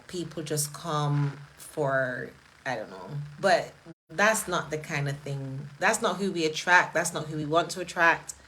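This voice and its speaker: A middle-aged woman, hosting and talking casually in a chatty, animated way, laughing often. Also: sits low, slight background noise, poor audio. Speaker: event host. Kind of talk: casual monologue.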